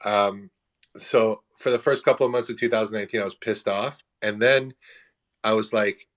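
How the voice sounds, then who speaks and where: A man in his forties, an animated, self-mocking storyteller who laughs often in a casual online audio chat. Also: fairly low pitch, moderate pace.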